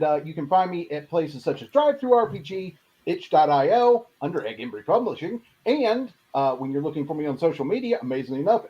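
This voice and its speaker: A man's voice: high voice, a little mellow. A man introducing himself as game master of a tabletop game, friendly and easygoing. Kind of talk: casual self-introduction. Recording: dull lo-fi sound.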